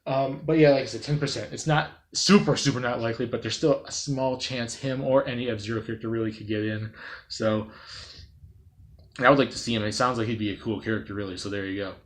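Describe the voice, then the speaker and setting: A man giving unscripted gaming commentary, rambling and excitable, with many fillers and restarts and loud bursts into playful sound effects. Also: medium pitch, fairly quick. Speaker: gaming video creator.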